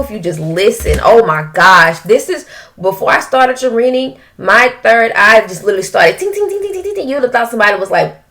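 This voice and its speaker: A woman giving an emotional tarot reading, breaking into drawn-out exclamations. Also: medium pitch, a bit bright. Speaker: tarot reader.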